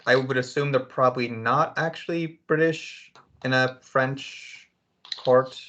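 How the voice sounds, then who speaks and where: A man's voice: mid-range voice, steady tone, measured pace, a bit bright, muffled recording. A man co-hosting an entertainment podcast, chatting casually and filling his talk with "like". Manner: chatty, lots of "like". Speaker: co-host.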